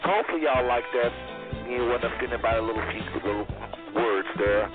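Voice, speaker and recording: A male radio host speaking in a relaxed, conversational way and opening phone lines to callers. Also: medium pitch, fast. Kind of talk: call-in radio show. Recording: tinny phone-like audio with music.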